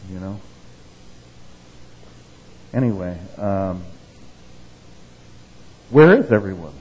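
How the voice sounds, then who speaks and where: A man's voice: lowish voice, dark tone, slight background noise. A man preaching a sermon in a casual, conversational way, reading quotations with rising emphasis and checking in with the listeners. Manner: conversational preaching, tag questions like okay and right. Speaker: pastor. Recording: dull, reverberant hall sound.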